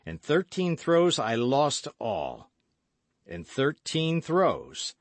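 A man voicing a calm, worldly older male musketeer in an audiobook, speaking in a measured, deliberate way. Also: medium pitch, no echo, voice pushed up, exaggerated voice.

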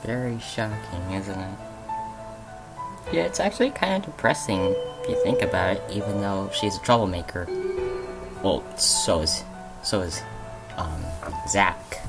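A man casually commenting on a video he is reacting to, with pauses, restarts and fillers. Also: on the low side, animated, gravelly, music in the background, poor audio. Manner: hesitant, with many fillers and restarts.

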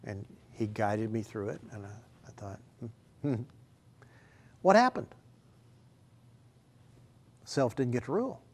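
A man preaching a sermon, swinging between quiet, hushed asides and loud, emphatic exclamations. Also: fairly low pitch, very animated, unhurried, pauses often.

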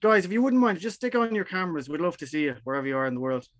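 A man's voice: sits high, sing-song, rapid-fire, a bit bright. A friendly, informal man hosting an online gathering over a video call. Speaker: event host.

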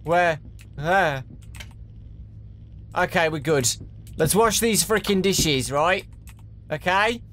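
A man's voice: sits high, takes it slowly, long pauses, a bit bright, slight background noise. A young man playing a horror game for viewers, talking his way through it with nervous, jumpy muttering. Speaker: gaming YouTuber. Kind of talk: horror game let's play commentary.

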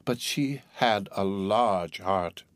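A man voicing a solemn, gentle spirit who speaks in a measured way. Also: lowish voice, no room sound, pitched below the performer's own voice.

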